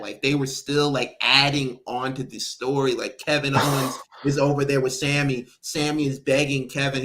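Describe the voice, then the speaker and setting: A man co-hosting a podcast in casual chat, animatedly recapping a wrestling match and acting out what people said. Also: mid-range voice. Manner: animated recapping, acts out quotes. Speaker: podcast co-host.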